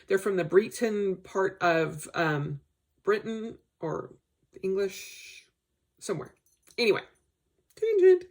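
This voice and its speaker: Slow, chatty woman vlogger rambling. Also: mid-range voice. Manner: chatty, rambling with tangents and asides. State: recovering from a stomach bug. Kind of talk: casual personal vlog.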